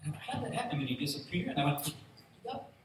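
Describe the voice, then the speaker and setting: A man preaching a sermon, telling stories with animated voices for each character. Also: on the high side, very fast. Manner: animated storytelling, acting out voices. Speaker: pastor. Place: church hall. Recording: distant roomy hall mic with faint noise.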